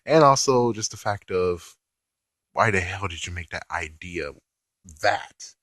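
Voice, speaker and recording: A man's voice: sits low, expressive, measured pace, a bit bright, no echo, clean studio sound. A man reviewing a TV episode in a casual rant, swearing offhandedly and laughing often.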